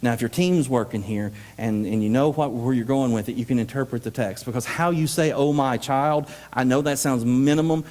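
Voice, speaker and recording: A man presents a workshop at a conference, mid-pitched and animated. He jokes freely and slips into mock voices to act out readings. The live hall behind him rings with a long reverb. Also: brisk, few pauses.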